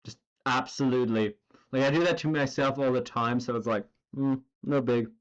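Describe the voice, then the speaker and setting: A man's voice: mid-range voice, steady tone, normal speed, lo-fi sound. A man chatting casually on a drawing stream, rambling and swearing as he goes. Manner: rambling and profane, full of filler words.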